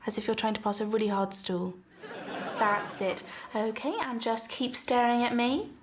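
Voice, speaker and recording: A polite doctor with a soothing, matter-of-fact bedside manner, as a child plays the role. Loud noise runs behind this sketch comedy take. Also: medium pitch, steady tone, normal speed, natural voice. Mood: calm. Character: calm polite adult doctor.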